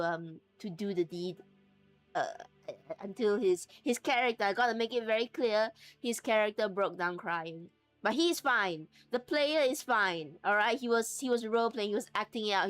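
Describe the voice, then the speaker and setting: Brief: woman streamer, casual chatty talk, frequent laughs and restarts, soft music behind. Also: mid-range voice. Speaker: streamer and game master. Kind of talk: casual stream chat while sewing.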